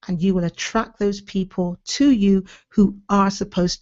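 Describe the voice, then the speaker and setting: A woman's voice: medium pitch, fairly even intonation, unhurried, few pauses, a little mellow. A woman hosting her own show as a speaking coach, giving a passionate, emphatic motivational talk. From Britain. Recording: slightly dull lo-fi audio.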